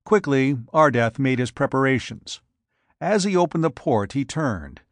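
A man narrating an adventure story in a measured, even reading. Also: medium pitch, no echo. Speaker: audiobook narrator.

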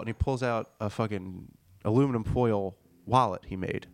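A man telling a funny story about his job as a server in a profane, animated way, acting out the people in it. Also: on the low side, normal speed, no room sound. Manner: profane, animated, acts out quotes. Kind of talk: casual comedic storytelling.

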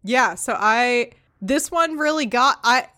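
Rambling, animated woman on a podcast. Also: a little high, takes it slowly. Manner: rambling, animated, filler-heavy with frequent restarts. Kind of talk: casual podcast chat.

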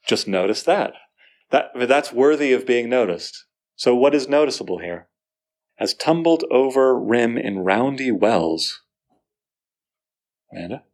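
A man leads a poetry class with enthusiasm. He keeps asking his students questions and reads lines of verse aloud slowly. His voice sits at a middling pitch. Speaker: poetry teacher. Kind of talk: classroom lecture.

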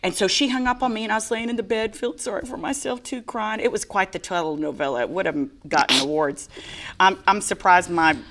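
A woman co-hosting a faith talk show, telling a personal testimony in an animated, dramatic way and acting out her own whiny crying voice. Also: medium pitch, brisk. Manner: dramatic storyteller who mimics a whiny crying voice. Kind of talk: animated testimony with playful banter.

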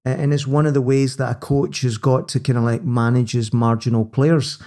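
A man with a Scottish accent co-hosting a casual sports podcast, chatty and animated, laughing often as he tells stories. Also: medium pitch, a little fast. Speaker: podcast co-host.

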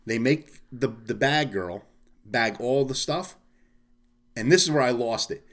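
A man's voice: mid-range voice, unhurried. A man telling a story in casual chat, ranting and swearing with lots of energy. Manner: profane, animated ranting.

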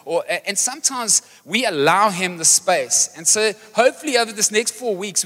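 High bright-voiced pastor, live. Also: male voice. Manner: energetic, animated storytelling with jokes. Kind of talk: sermon. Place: large church hall. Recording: live church hall reverb with music.

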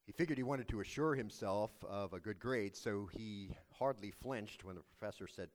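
A man preaching a sermon as pastor, telling a story in a measured, earnest way. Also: on the low side.

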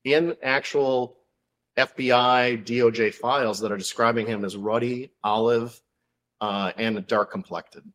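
A man's voice: mid-range voice, measured pace. A male author, a guest on a podcast, telling a story in a casual interview with lots of fillers. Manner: animated storytelling, many fillers.

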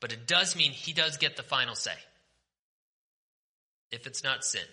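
A man in the pulpit delivers his sermon in a vivid, sharply bright voice. He swings between raised, forceful declarations and soft, intimate near-whispers, pressing his points with conviction. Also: mid-range voice, animated, unhurried. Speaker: pastor.

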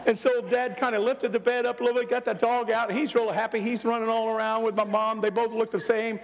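A man's voice: very high-pitched, fast talker. Older male pastor in a reverberant hall. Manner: folksy, animated storyteller who acts out voices. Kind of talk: sermon with personal storytelling.

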